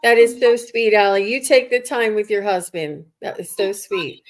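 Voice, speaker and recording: A woman's voice: medium pitch, normal speed. A woman psychic medium chatting on a live stream over a video call, reassuring and greeting viewers by name.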